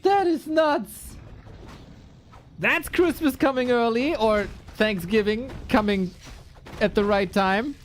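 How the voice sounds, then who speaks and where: A man casting a live esports stream, excitable and exclamatory, swearing freely. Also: very high voice, takes it slowly, long pauses, slight background noise. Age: adult, long-time caster. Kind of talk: live stream game commentary.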